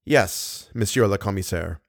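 A male narrator voicing an anxious, earnest young nobleman who answers softly. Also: low voice, a little slow, gravelly, dry recording, clean studio sound, pitched below the performer's own voice, exaggerated voice. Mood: subdued.

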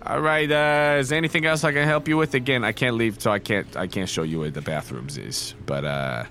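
A man's voice: medium pitch, a little fast, sharp tone, a little hiss or hum, voice pushed down. A man playing a bored young male registration desk clerk with offhand customer-service patter.

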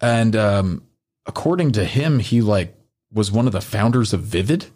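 A man's voice: on the low side, normal speed, a little mellow. A young man hosting a podcast, telling a rambling, profane story in casual chat, full of filler likes. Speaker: podcast host.

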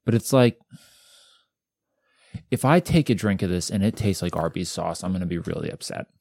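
Deep-voiced wry man, dry sound. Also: lively intonation, moderate pace, gravelly, darkish tone, no echo. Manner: wry, sarcastic quips. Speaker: podcast co-host. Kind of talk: casual chat.

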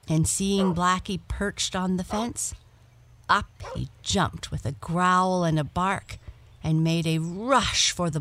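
A woman gently reading a children's bedtime story aloud as the storyteller. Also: sits low, no room sound. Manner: gentle and measured.

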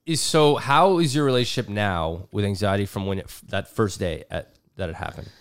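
A man's voice: fairly low pitch, fairly quick, clear, resonant tone. Candid young man hosting a podcast. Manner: relaxed, candid storyteller with filler words. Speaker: podcast co-host. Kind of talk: casual podcast conversation.

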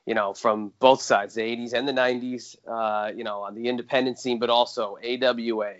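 A man's voice: medium pitch, steady tone, a little fast. Man rambling on a podcast. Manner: long rambling explanations. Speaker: podcast guest. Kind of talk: casual podcast chat. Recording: dull lo-fi sound.

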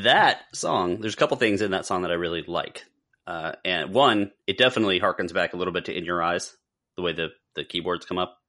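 A man with a deep voice and a bright, forward tone, chatting casually as a podcast co-host. He jokes around and imitates sounds as he talks. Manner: playful, chatty, mimics sounds. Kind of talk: casual chat.

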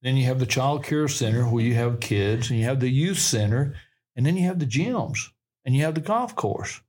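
A man's voice: medium pitch, expressive, moderate pace, darkish tone, husky. An older man with a Southern US accent, telling folksy, rambling stories of his past as a podcast guest. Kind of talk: storytelling in a podcast interview.

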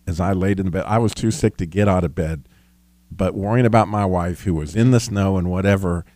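A man's voice: deep voice, a little fast, darkish tone, dry recording. A man hosting a casual faith-based discussion, talking earnestly and self-deprecatingly with stumbling restarts.

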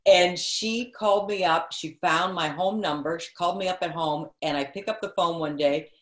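A woman from Massachusetts, a comedic actress and author, telling stories as an interview guest with lively acted-out quotes. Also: fairly low pitch, normal speed, echoey room. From Quincy, Massachusetts. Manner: lively storyteller, acts out quotes. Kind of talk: storytelling in an interview.

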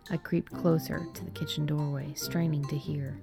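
A woman reading a first-person short story aloud, soft and dipping into whispers. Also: low voice, level tone, moderate pace, vocal fry, hardly any pauses. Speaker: narrator. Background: faint background music.

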